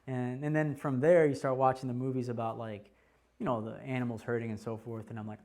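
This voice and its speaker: A man in his forties teaching a class by telling his own story, animated and laughing often. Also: medium pitch, fast talker. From United States. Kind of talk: personal storytelling talk.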